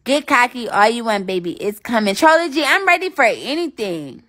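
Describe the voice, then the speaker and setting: A young woman talking to her livestream viewers with a high, bright voice that swings widely up and down. She trash-talks brashly and swears freely. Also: sing-song, normal speed. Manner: brash, profane trash talk. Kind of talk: casual livestream chat with viewers.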